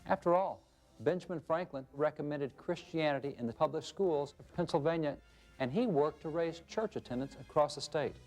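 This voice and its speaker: A man's voice: a little high, darkish tone. Emphatic man with rhetorical questions. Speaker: guest historian. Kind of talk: interview answers, then scripted narration.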